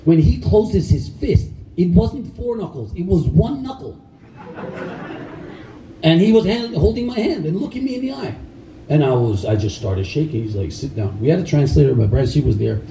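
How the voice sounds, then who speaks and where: A middle-aged man telling a story on stage in a casual, animated way, swearing freely. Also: fairly high pitch, moderate pace. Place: stage in a large hall. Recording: roomy hall, mic at a distance, faint noise.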